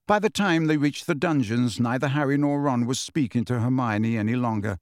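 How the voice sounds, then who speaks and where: A man reading a novel aloud in measured, even audiobook narration. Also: medium pitch, no echo, studio quality.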